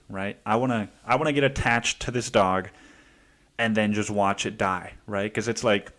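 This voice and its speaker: A man's voice: fairly low pitch, normal speed, a bit bright. A man hosting a podcast alone, telling a long story in a rambling, profane, casual way with lots of fillers. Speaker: podcast host. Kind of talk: casual solo podcast monologue.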